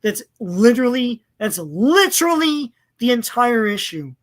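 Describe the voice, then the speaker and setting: A man's voice: extremely high pitch, very animated, measured pace. A man co-hosting a casual podcast, opinionated and rambling with many fillers, swearing in his rants. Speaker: podcast co-host. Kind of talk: casual chat.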